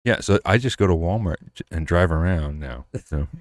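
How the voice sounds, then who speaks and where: A man's voice: sits low, normal speed, no echo. A man from Missouri co-hosting a podcast, laid-back and chatting casually, laughing along with his partner. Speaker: podcast co-host. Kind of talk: casual chat.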